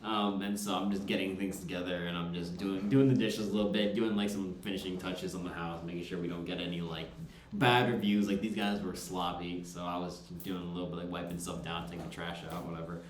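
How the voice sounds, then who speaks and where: Relaxed, easygoing young man chatting. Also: low voice, brisk. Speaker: podcast co-host. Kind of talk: casual chat. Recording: echoey room, faint hiss.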